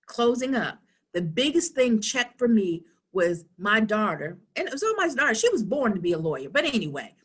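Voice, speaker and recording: A middle-aged woman giving a lively conversational talk at a town hall, asking rhetorical questions and acting out past conversations. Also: fairly high pitch, moderate pace, slightly rough. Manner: animated, asks rhetorical questions, acts out dialogues. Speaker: town hall speaker on youth.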